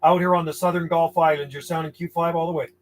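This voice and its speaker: A man's voice: fairly high pitch, flat delivery, quick pace. A man working as a CB radio operator, calling out call signs and answering distant contacts with clipped calls and friendly sign-offs from a home station. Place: home radio station on an island off western Canada. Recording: loud radio static behind the voice.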